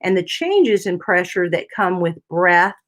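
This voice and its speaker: A woman's voice: fairly low pitch, very animated, a little slow, a bit bright. A woman physical therapist explaining anatomy step by step on a talk radio show, often checking in with "right?" and "you know".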